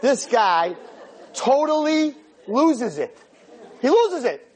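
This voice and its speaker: A man giving a joke-filled lecture, telling stories in an animated way that builds to shouting. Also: extremely high pitch, takes it slowly, rough recording. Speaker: Jewish lecturer.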